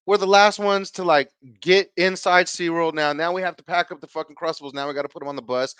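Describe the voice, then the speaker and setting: Animated, profane man telling a story. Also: a little high, fast, clear, resonant tone, no room sound. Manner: animated, profane, swings loud and quiet while acting out quotes. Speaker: podcast host. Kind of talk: casual storytelling.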